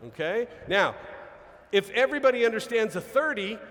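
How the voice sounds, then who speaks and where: A man giving an energetic live seminar talk as a sales trainer, peppering his points with "okay?" and "right?". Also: high-pitched, moderate pace. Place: large event hall. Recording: reverberant event hall.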